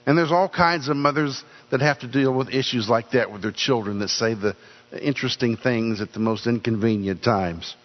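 A man's voice: mid-range voice, moderate pace. An older man preaching a sermon in an earnest way, often repeating words for emphasis. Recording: dull sound with long hall reverb.

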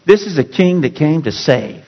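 A man's voice: on the high side, lively intonation, moderate pace, highs cut off. Dramatic male preacher in reverberant church. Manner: dramatic, emphatic storytelling with sudden drops to quiet. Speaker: pastor. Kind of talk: sermon.

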